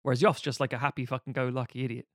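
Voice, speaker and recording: A man recaps a film in a loose, rambling way, swearing freely and joking as he goes. His voice sits in an ordinary middle pitch. The recording is close and dry. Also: flat delivery, rapid-fire, a bit bright, no echo. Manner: rambling, profane and jokey. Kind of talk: casual film recap chat.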